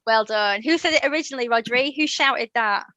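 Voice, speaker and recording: Bright-voiced woman teaching online. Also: fairly high pitch, a little fast, no room sound, poor audio. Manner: encouraging, quizzes students and praises answers. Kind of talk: live online lesson.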